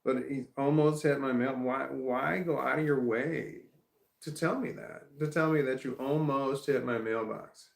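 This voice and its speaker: A man's voice: mid-range voice, steady tone, unhurried, creaky, echoey room. A man talking to his camera in a casual vlog monologue, rambling and repeating himself, swearing when annoyed. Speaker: vlogger. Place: at home.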